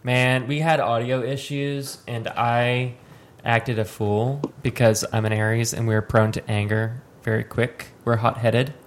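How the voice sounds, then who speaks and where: A man's voice: mid-range voice, fairly even intonation, a little slow, slight background noise. Rambling male podcast host. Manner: rambling, restarts mid-thought. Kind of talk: casual chat. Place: studio.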